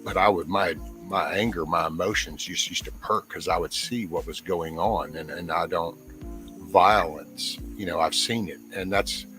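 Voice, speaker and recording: A middle-aged man with a very low voice tells a long story to a camera mic on a casual livestream panel. He rambles earnestly and often restarts his sentences. Music plays behind him. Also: normal speed, rough recording. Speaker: guest panelist.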